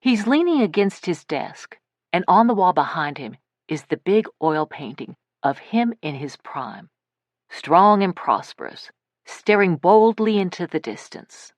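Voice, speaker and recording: A woman narrates a first-person audiobook in a lowish voice with an animated, expressive rise and fall. She voices bits of dialogue as she tells the story. The recording is dry and close, with no room sound. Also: measured pace, no echo. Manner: lively storytelling, voicing dialogue.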